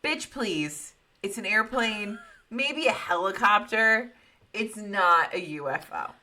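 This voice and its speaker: Lady putting on a grumpy husband, blunt and unbothered, kinda flat. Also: mid-range voice, slow pace, pitched above the performer's own voice. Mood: dismissive. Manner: blunt, dismissive. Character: gruff dismissive husband driving late at night.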